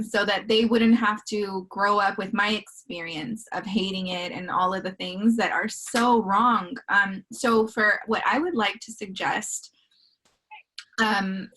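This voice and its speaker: A woman's voice: medium pitch, a bit bright. A woman hosting a workshop, casually answering questions and rambling with frequent restarts and filler words. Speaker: podcast host leading a workshop.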